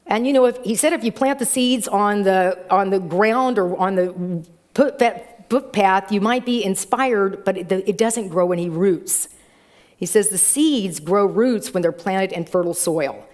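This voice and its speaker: A woman's voice: mid-range voice, a little slow, a little mellow. A middle-aged woman minister giving a chatty sermon in a church, telling stories with playful voices. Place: church sanctuary.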